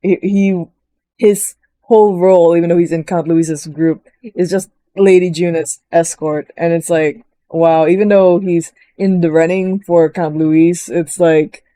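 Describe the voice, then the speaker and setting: A woman chatting casually as she recaps a story, rambling with many fillers and jumping into a higher voice to quote characters. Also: steady tone, a little slow, warm tone, dry recording. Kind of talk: casual chat.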